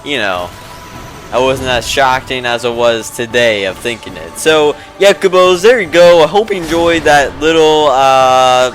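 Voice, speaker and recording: A man tells a story in a loose, rambling way, stumbling over words and swearing as he goes. His pitch is mid-range and even. Faint music plays in the background. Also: a little slow. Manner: rambling, profane, many fillers and restarts. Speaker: gaming channel host. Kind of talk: casual storytelling over gameplay.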